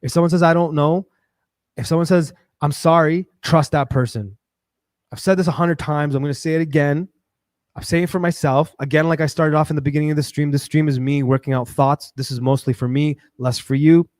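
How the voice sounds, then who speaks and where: A man hosting his own livestream, talking in a rambling, animated way, full of fillers and restarts. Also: on the high side, brisk, no room sound, studio quality. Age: adult with a daughter. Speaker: livestream host. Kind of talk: casual livestream monologue.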